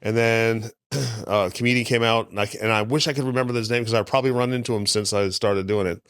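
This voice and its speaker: A man's voice: fairly low pitch, steady tone, fast talker, a bit bright, clean tone, no echo, clean studio sound. A man in his fifties, a comedian telling rambling stories as a podcast guest, chuckling between them. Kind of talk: casual interview storytelling.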